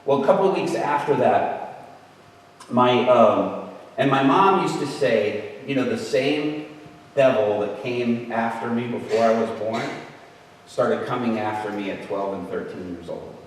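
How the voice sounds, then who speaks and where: Animated man preaching in an echoey hall. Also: measured pace, distant mic, slight background noise. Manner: animated storyteller, acts out quotes with big pitch jumps. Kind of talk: storytelling sermon. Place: large hall at an event.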